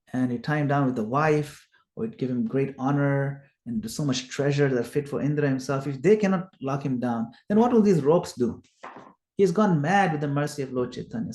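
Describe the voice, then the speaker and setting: A man teaching a scripture study class, retelling the stories in a lively way and acting out the quoted lines. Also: medium pitch. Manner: animated retelling, acts out quoted lines loudly. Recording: echoey room.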